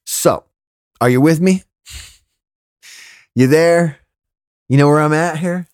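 A man hosting a podcast, telling a comedic story in an exasperated, animated way with laughing asides. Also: a little high, slow pace, no room sound, studio quality. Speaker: podcast host.

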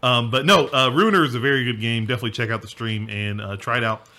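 Male podcast host, bright tone, loose rambling chat with frequent laughs. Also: mid-range voice, fast. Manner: laughs often, rambling with restarts. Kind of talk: casual gaming podcast chat.

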